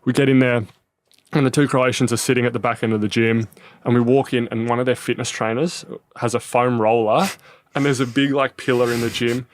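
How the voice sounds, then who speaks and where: A young man telling stories as a podcast guest, animated, laughing often and swearing freely. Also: medium pitch, brisk, dry recording. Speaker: guest, tennis player. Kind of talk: casual podcast storytelling.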